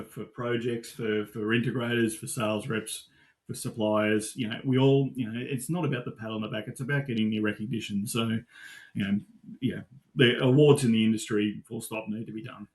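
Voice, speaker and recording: An Australian man answering interview questions casually, lively and animated, getting worked up as he tells stories. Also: medium pitch. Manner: animated storyteller, gets worked up. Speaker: guest, supplier sales manager.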